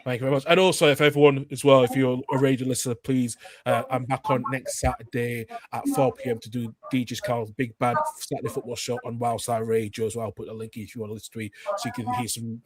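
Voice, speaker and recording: Male podcast host, mid-pitched, rambling delivery, dry close sound. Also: no echo. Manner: rambling, keeps tacking on "as well". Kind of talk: casual football podcast chat.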